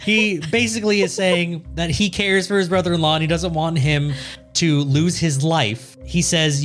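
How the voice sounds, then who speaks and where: A man's voice: fairly high pitch, fairly even intonation, normal speed, fairly bright tone, faint music behind. A man co-hosting a podcast, telling a history story in a casual, profane way and laughing often.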